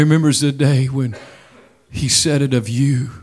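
A man preaching a sermon in a slow, deliberate way, with dramatic rises and drops in his delivery. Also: mid-range voice, fairly even intonation, darkish tone.

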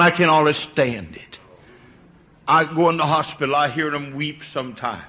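Older preacher guy, bright forceful voice, goes quiet then cries out high, stammers and repeats. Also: animated, normal speed. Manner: swings from low hush to high impassioned cries; repeats words and stammers on restarts. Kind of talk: sermon.

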